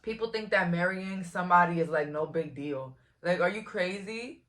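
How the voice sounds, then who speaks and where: A woman's voice: on the low side, normal speed, hardly any pauses, a bit bright. A woman, giving a casual, frank tarot reading to camera in a chatty, blunt way. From Brooklyn, New York. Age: 20s. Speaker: tarot reader.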